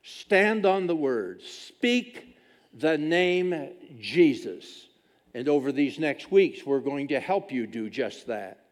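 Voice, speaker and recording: Slow-preaching older pastor, reverberant hall. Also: male voice, a little high, very animated. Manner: emphatic preaching with repeated phrases. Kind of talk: sermon. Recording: long reverb of a large hall.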